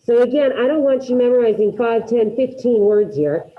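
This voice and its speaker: A woman teaching a class, drilling her students through repetition and quizzing them with quick questions in an upbeat way. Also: fairly high pitch, lively intonation, phone-quality sound. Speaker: Spanish teacher. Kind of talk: classroom grammar lesson.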